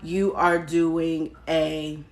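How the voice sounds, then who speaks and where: A woman's voice: low-pitched, level tone, very slow. A woman hosting a casual live stream from her phone, chatting candidly, answering viewer comments and swearing now and then.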